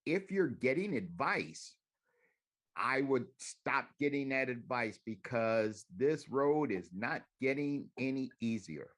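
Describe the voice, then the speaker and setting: Slow, sarcastic man at a council podium. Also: medium pitch, big pitch swings, fairly bright tone. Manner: sarcastic, accusing. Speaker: public commenter. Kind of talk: public comment at a council meeting. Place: city council chamber at a podium.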